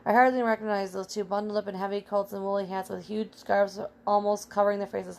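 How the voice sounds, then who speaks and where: A woman narrating a children's audiobook in a steady, plain reading voice. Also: mid-range voice, fast talker, vocal fry, few pauses.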